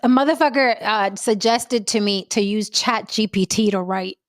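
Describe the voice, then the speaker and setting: A woman, an actress, talking in a casual panel chat in an animated, theatrical way, swearing freely. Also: medium pitch, normal speed, no room sound, studio quality.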